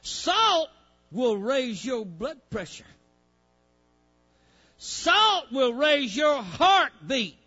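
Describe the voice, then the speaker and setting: A man preaching a sermon as pastor, swinging between loud preaching and quiet storytelling. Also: extremely high pitch, very animated, drawn-out words, long pauses. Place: church sanctuary. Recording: dull lo-fi recording with faint music.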